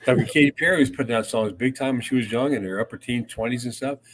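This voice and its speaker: A man's voice: mid-range voice, fast. An older man co-hosting a casual radio podcast, rambling through anecdotes and swearing freely. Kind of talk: casual storytelling chat.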